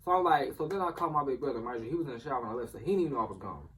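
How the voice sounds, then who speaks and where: Young man, casual storytelling, quick delivery, distant mic. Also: mid-range voice. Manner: animated, laughing through the story. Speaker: storyteller among friends.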